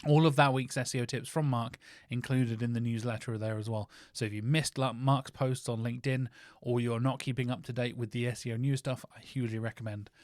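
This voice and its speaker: A man's voice: mid-range voice, steady tone, fairly quick, dry recording, clean studio sound. Chatty British man hosting a podcast. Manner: chatty, enthusiastic, rambling asides. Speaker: podcast host. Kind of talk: casual podcast outro.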